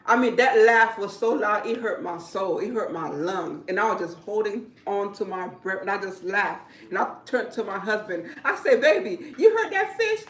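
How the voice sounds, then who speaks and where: A woman who works as a hairdresser, telling a story in casual talk, animated and repetitive, often breaking into laughter. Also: mid-range voice, normal speed, hardly any pauses. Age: adult. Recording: roomy, from a distance.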